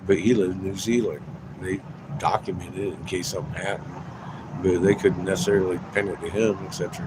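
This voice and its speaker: Man with a lowish voice, ranting hard and swearing nonstop, street traffic clearly audible. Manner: swears constantly, repeats himself, laughs often. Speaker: livestreamer. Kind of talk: rambling profane rant.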